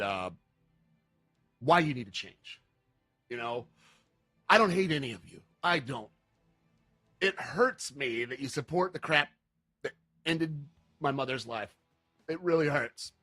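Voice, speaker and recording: A man's voice: mid-range voice, a bit bright, dry recording, clean studio sound. Impassioned man hosting a livestream. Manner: earnest, impassioned, halting with fillers. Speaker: livestream host. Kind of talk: emotional livestream talk.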